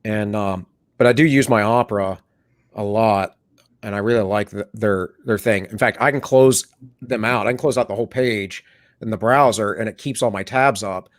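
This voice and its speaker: A man's voice: on the low side, moderate pace, no echo, studio quality. A man hosting a casual livestream chat, talking in a loose, rambling way and often correcting himself mid-sentence. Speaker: stream host.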